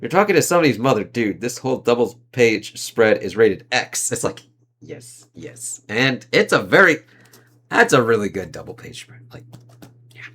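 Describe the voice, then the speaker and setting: A man talks through a comic book in a loose, casual review, his pitch sitting in a plain middle range. He reads the panel dialogue aloud with playful put-on voices, laughs easily, and swears in an offhand way. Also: sing-song, moderate pace, fairly bright tone, slightly rough.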